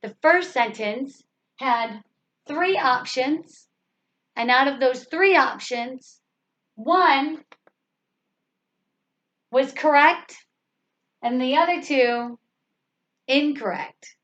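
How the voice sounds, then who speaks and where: Patient woman English teacher, high voice, unhurried, repeats examples, asks the class questions. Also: a bit bright. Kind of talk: slow grammar lesson explanation. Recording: slightly dull lo-fi recording.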